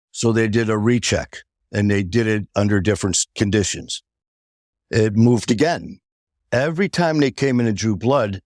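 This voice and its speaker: Man, low voice, podcast guest, personal storytelling, acts out quoted dialogue, dry sound. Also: no room sound. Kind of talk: personal recovery story in an interview.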